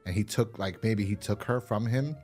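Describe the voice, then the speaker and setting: Low-voiced man rambling through a review. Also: normal speed, a little mellow, soft background music. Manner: rambling, profane, acts out quotes in a higher voice. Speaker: podcast host. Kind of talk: casual review chat.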